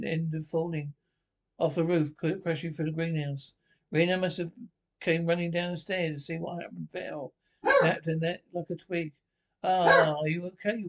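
An actor playing a coarse, cheeky Scottish pensioner in a TV sitcom, with gruff, sweary banter. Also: male voice, a little high, close to an everyday voice, low-quality recording. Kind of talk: TV sitcom acting.

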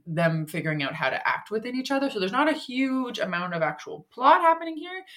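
Brief: young woman podcast co-host, low voice, loose chatty critique with many fillers. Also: a bit bright. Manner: rambling, filler-heavy, lots of "like" and "you know". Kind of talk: casual critique chat.

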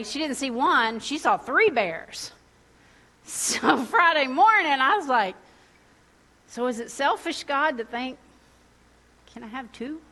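Bright, high-voiced woman preaching. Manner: animated storytelling, laughs often. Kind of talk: sermon with a personal story.

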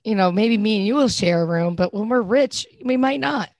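A woman co-hosting a podcast in casual chat, loud, blunt and teasing. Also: medium pitch, animated, normal speed, dry recording. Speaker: podcast co-host.

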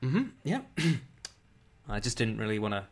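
A man's voice: lowish voice, big pitch swings, slow. A man co-hosting a comedy podcast, telling a long anecdote. His talk is loose and chatty, with many false starts and repeated words. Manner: rambling storyteller with many restarts. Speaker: podcast co-host. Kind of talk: casual comedic chat. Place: abroad, living in Asia.

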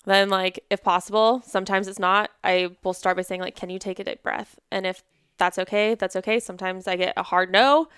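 A woman therapist speaks in a relaxed podcast conversation, leaning on "like" as she acts out quoted clients. Her voice is very smooth and resonant. The sound is dry and close to the mic. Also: medium pitch, brisk, dry recording. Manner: chatty, many "like" fillers, acts out clients with quoted voices, laughs often.

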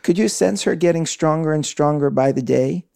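A male interviewer with a gravelly, mellow voice asks curious follow-up questions. He speaks close to the mic in a dry, unechoing sound. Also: fairly high pitch, moderate pace, no room sound. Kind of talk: conversational interview.

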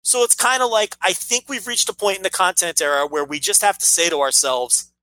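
Male podcast co-host, bright tone, dry close sound, blunt rambling talker. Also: high-pitched, animated, a little fast, no room sound, low-quality recording. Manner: rambling, blunt, swears freely. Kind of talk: casual wrestling podcast chat.

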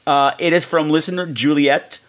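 A man hosts a podcast in a casual monologue, chatting in a campy, cheeky, playful manner while coughing. His voice is on the high side, steady in tone, at a moderate pace.

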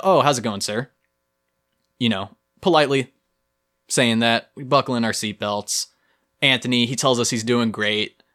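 A man's voice: mid-range voice, a bit bright. A young man with a mid-range voice co-hosts a casual podcast. He tells the story vividly and playfully and adds scene-setting detail. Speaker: podcast co-host.

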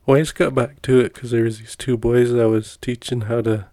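A man's voice: mid-range voice, little pitch movement, a little fast, warm tone, dry recording, studio quality. A middle-aged man from Montana telling personal stories in a rambling, folksy way, with many fillers and restarts. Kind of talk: casual storytelling.

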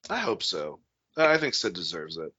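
A man's voice: low-pitched, wildly swooping pitch, moderate pace, bright, forceful tone, husky, no echo, muffled recording. A man co-hosting a podcast in casual, profane, jokey chat, slipping into goofy impressions. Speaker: podcast co-host.

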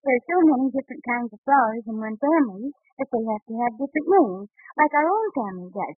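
An actress playing a sensible, patient young wife and mother who speaks calmly with gentle teasing, in 1940s radio sitcom style. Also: on the high side, quick pace, husky, no room sound. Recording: tinny old 1940s radio broadcast.

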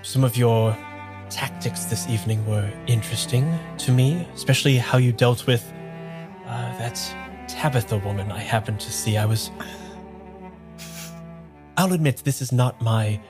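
A man voicing a stiff, calculating gentleman lieutenant who speaks formally and deliberately. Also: mid-range voice, pitched below the performer's own voice, close to an everyday voice. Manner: formal, measured and scheming.

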